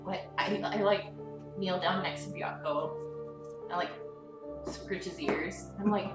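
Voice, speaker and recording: A woman's voice: fairly low pitch, steady tone, unhurried. A woman playing a tabletop game, talking in a playful, affectionate way. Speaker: player. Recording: echoey room, distant mic, music.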